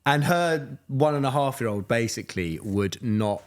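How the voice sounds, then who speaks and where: A man's voice: mid-range voice, lively intonation, normal speed. A man in his thirties, a podcast co-host, chatting casually and telling a story with frequent laughs. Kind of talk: casual chat.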